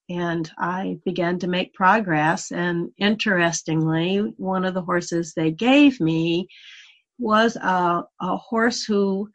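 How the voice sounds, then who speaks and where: A woman's voice: mid-range voice, fairly bright tone. A woman talking through a personal story as an interview guest, in a mid-range voice. Her delivery is earnest and reflective. She sometimes laughs at herself. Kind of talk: conversational storytelling.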